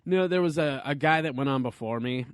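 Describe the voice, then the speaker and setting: A man's voice: medium pitch, fairly quick, clean tone, no room sound. A man hosting a comedy podcast, chatting casually in a rambling, self-deprecating way with lots of fillers. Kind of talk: casual chat.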